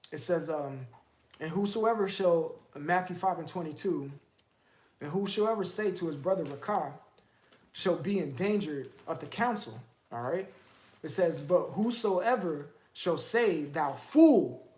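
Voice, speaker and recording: A man's voice: high-pitched, reverberant. A man teaching the Bible in a casual, streetwise way, firing off emphatic rhetorical questions.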